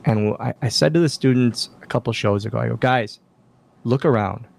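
Gravelly-voiced male podcast guest, animated storyteller who acts out quotes. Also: mid-range voice, fast talker, background noise. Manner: animated anecdotes with acted-out quotes. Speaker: podcast guest, wrestler and wrestling school owner. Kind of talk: casual interview storytelling.

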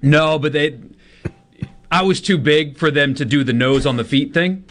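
A man's voice: a little high, normal speed, a bit bright. A man co-hosting a sports radio show, telling stories in a casual, self-deprecating way.

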